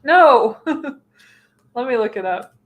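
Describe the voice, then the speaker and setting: A woman in her thirties, her voice a little high and animated but slow-paced, co-hosts a casual talk show. She wanders from one memory to another, laughing a lot and swearing freely as she chats.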